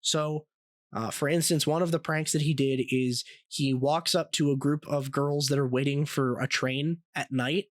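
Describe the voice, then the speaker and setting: Animated man telling stories, dry sound. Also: a little high, normal speed, dry recording. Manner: animated storytelling, swears freely, laughs often. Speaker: podcast host. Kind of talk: casual podcast chat.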